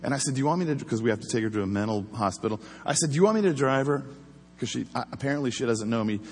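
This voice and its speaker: A former police officer telling a story in a casual, animated way, acting out the voices he quotes. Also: medium pitch, racing, creaky, husky, long reverb tail.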